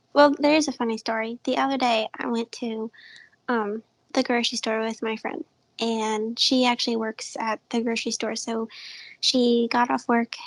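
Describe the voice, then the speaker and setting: A woman in her thirties with a small, mouse-like voice, telling stories in a soft, breathy, giggly way as a podcast guest. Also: on the high side, low-quality recording. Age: 30s. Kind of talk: casual chat.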